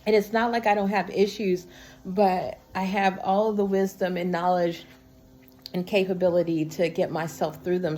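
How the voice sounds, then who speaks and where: A woman's voice: on the low side, a little mellow, a little hiss or hum. A woman vlogging straight to camera in a casual, earnest and heartfelt way, recorded on a built-in camera or phone mic. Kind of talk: casual personal talk to camera.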